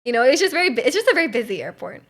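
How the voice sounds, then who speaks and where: A woman's voice: a little high, big pitch swings, rapid-fire, fairly bright tone. A young woman from Canada, streaming and chatting casually while reading viewer messages, rambling with lots of fillers and giggly asides.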